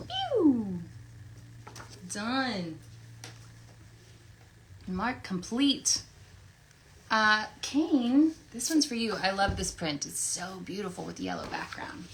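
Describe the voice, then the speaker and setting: A woman's voice: mid-range voice, very animated, slow pace, long pauses, a bit bright, a little hiss or hum, rough recording. Chatty woman from Tennessee. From Tennessee, USA. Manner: chatty, playful, talks while working. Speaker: voice actress signing autographs live. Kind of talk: casual livestream chat. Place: home, near her recording booth. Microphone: desk microphone.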